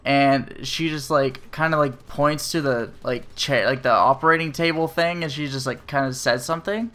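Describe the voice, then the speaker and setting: A man's voice: on the high side, moderate pace, hardly any pauses, pushed and bright. A man giving a profane, exasperated comedic rant to the camera. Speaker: comedic ranter.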